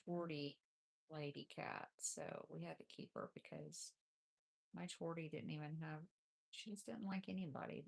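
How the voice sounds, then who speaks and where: A woman's voice: lowish voice, creaky. A woman hosting a cozy crochet live stream at home, chatting casually and cooing to her cats in baby talk. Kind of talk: relaxed live-stream chat. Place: home craft corner with cats.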